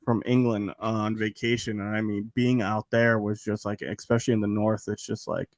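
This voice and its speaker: A man talking casually as a podcast guest, animated and rambling with lots of restarts. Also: lowish voice, moderate pace, dry recording. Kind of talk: casual chat.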